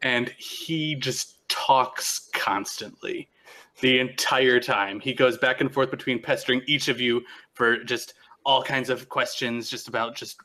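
A man's voice: mid-range voice, sharp tone. A man narrating as game master of a tabletop game, rambling and restarting often.

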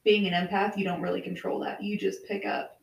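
A woman's voice: mid-range voice, flat delivery, fairly quick, creaky. A woman guest on a casual podcast, explaining her view in a reflective way. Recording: roomy, distant from the mic.

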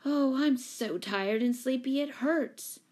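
A woman reading aloud puts on a chatty young girl in a storybook, higher and lively. Her questions rise quickly. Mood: girlish.

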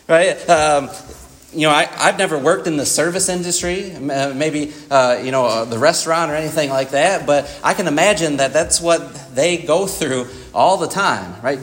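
A man with a slightly higher voice preaches a Sunday sermon in church. He speaks in a relaxed, conversational way and keeps checking in with the congregation. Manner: conversational, with frequent "right?" asides and acted quotes.

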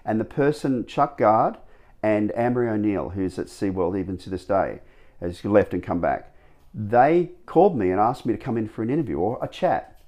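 A man, telling his stories as an interview guest, rambling and animated with many restarts. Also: fairly low pitch, normal speed. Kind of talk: casual storytelling interview.

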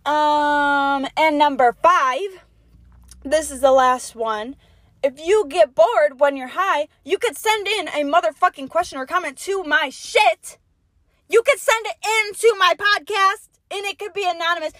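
Young woman podcast host, high voice, dry close sound, giggly and profane rambling chat. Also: lively intonation, normal speed, fairly bright tone, no echo. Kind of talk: casual solo podcast chat. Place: parked car.

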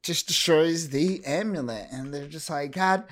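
A man co-hosting a casual chat about comics, recapping the plot in a relaxed way with many fillers. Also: fairly high pitch, a little slow. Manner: relaxed recapping with fillers, bursts of play-acting. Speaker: podcast co-host.

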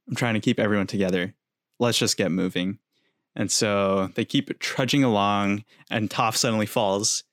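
Young man, podcast co-host, easygoing scene recap, lowish voice, dry close recording. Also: no echo. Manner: easygoing, retells scenes with quoted lines. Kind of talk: casual recap narration.

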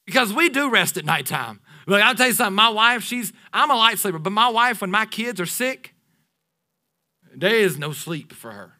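A pastor in his thirties preaching a sermon to his congregation, animated and joking with them as he goes. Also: sits high, moderate pace. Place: church sanctuary.

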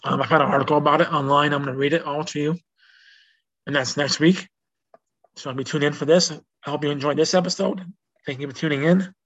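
A man's voice: a little high, steady tone, fast talker, fairly bright tone. A man hosting a casual solo music-history podcast. He reads from notes and drifts into rambling asides full of restarts and self-corrections. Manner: reads out notes in a plain informational way. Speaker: podcast host. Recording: dull lo-fi recording.

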